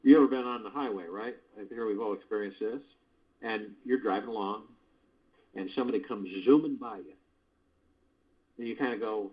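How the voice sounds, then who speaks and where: A man's voice: fairly low pitch, fairly even intonation, a little fast. A man hosting a meditation call, giving spiritual teaching in a folksy, conversational way full of rhetorical questions. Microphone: phone. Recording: dull lo-fi conference call line.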